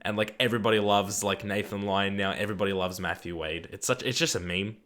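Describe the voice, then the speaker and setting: A young Australian man chatting through a live game stream in a loose, rambling way. His voice sits a little low, and he tosses in the odd swear as he answers viewers. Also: steady tone, fast, a bit bright. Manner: laid-back, rambling, swears casually; reads viewer chat aloud and answers it. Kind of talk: live gaming stream chat.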